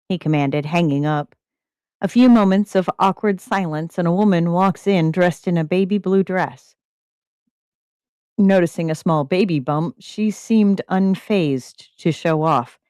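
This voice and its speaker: A woman hosting a podcast, reading a story aloud in a steady narrating manner. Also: fairly low pitch, measured pace, smooth, no room sound. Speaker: podcast host and story reader.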